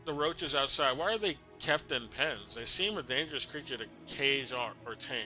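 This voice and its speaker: Man reading as a calm woman warrior. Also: mid-range voice, moderate pace, soft background music. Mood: steady. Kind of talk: reading game dialogue aloud.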